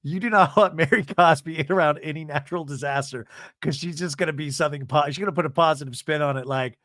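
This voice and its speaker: A man's voice: on the high side, moderate pace, dry recording, clean studio sound. A man hosting a podcast, recapping a reality show in a casual, rambling, laughing comedic style. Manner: animated, rambling, laughs often. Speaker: podcast host.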